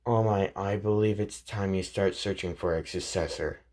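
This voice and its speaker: Calm ancient master, low and quiet, slow measured commands; a man voicing him. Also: natural voice. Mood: calm, commanding. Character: ancient calm all-powerful male master.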